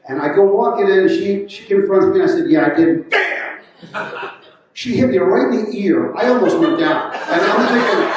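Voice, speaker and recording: A man's voice: a little high, a little mellow. A man giving a storytelling tribute at a memorial, acting out the quotes in his anecdote. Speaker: eulogy speaker. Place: country club function room. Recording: echoey room, distant mic.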